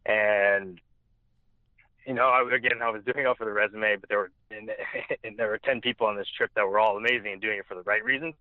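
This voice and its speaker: Low-voiced young man on a tinny line. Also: fairly even intonation, a little fast, no echo. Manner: rambling, many restarts and fillers. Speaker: guest. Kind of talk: storytelling in an interview.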